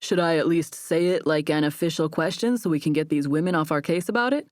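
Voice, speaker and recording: A relaxed young man who teases with a dry, matter-of-fact ease, as a woman reads him. His voice sits a touch lower, in a dry, close booth. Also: fast talker, no echo, natural voice. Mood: joking. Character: laid-back young man, teasing fiancé.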